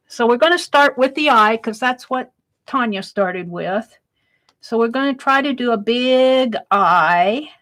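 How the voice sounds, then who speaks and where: Slow-talking woman teaching drawing. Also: mid-range voice, fairly bright tone, low-quality recording. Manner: chatty, laughs often at her own drawing. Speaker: craft livestream host. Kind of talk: casual drawing tutorial.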